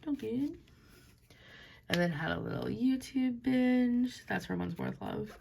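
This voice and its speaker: A woman's voice: on the high side, normal speed, gravelly, a little mellow, a little hiss or hum. A young woman, chatting casually about her week as a planner vlogger and filling her talk with "like". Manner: chatty, frequent "like" fillers. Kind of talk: casual chat.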